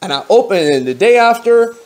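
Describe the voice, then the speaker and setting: A man giving a testimony sermon at a home fellowship, telling his story in an animated, slangy way and acting out the dialogue. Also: very high-pitched, fast. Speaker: lay preacher.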